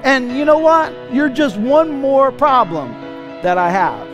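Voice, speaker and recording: A male pastor acting out an exasperated heavenly figure, loudly complaining about someone who keeps coming back. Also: extremely high pitch, lively intonation, unhurried, highs cut off, over music, voice pushed up. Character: exasperated heavenly man, fed up with a repeat asker.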